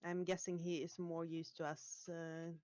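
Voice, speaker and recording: Low-voiced woman, calm player. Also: measured pace, no echo, lo-fi sound. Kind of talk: playing her character in a tabletop game.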